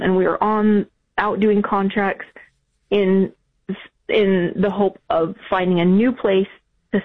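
Tearful woman caller on a phone line. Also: mid-range voice. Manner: halting, emotional, many restarts.

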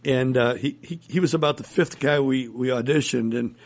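Gravelly-voiced man telling musician stories. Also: medium pitch, moderate pace. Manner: rambling anecdotal, chuckles often. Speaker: musician guest. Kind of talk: casual interview storytelling.

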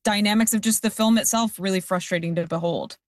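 Woman, film critic panelist, measured and critical, dry studio sound. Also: mid-range voice, no room sound. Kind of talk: panel discussion.

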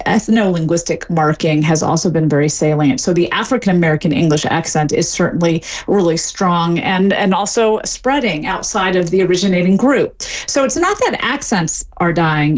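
A middle-aged woman speaks as an expert guest on a radio interview. She explains things clearly and articulately, with an easy, lightly amused tone. Her voice sits at a middle pitch. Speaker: linguistics professor and guest.

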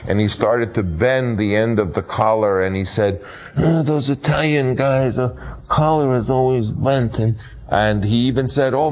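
An older man, a film director, tells an anecdote in an interview and acts out the voices he quotes in an animated way. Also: fairly low pitch.

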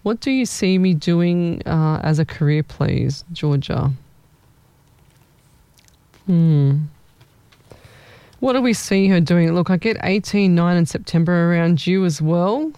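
Woman, psychic medium host, chatty, repeats herself, smooth voice, dry close recording. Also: lowish voice, slow, pauses often, mellow, no room sound. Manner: chatty and rambling, repeats words. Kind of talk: live-stream readings for viewers.

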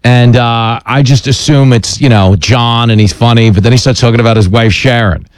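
A man's voice: medium pitch, no room sound. Joking male radio talk host. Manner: jokey, self-deprecating, quick asides. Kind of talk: casual talk radio banter.

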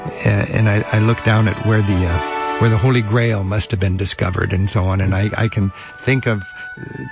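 A man hosting a radio travel show, interviewing a guest in an eager, halting way with many fillers. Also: fairly low pitch, gravelly.

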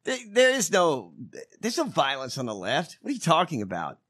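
A man co-hosting a podcast, giving crude, mocking commentary that swings between loud outbursts and low mutters. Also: wildly swooping pitch, normal speed. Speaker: podcast co-host. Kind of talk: casual profane commentary.

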